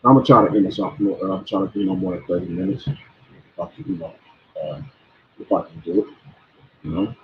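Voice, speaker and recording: A man's voice: deep voice, unhurried, long pauses, a little hiss or hum. A man giving an informal sermon, blunt and preachy, often repeating words and stumbling over them. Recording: tinny phone-like sound.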